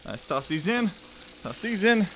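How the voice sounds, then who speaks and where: A man rattles through a frantic gameplay commentary, poking fun at his own mistakes. His voice sits high and jumps all over the place. Loud game noise plays behind him. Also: normal speed. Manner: excitable, frantic, self-mocking. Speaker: gameplay video host.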